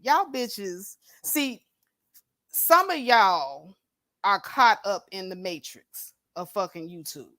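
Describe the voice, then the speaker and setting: Her mid-range voice is expressive, slow, and sharp as she hosts an unscripted livestream, cursing heavily and speaking bluntly and confrontationally. A mother of a grown daughter, she uses a plug-in mic, and the studio-quality audio has no room sound.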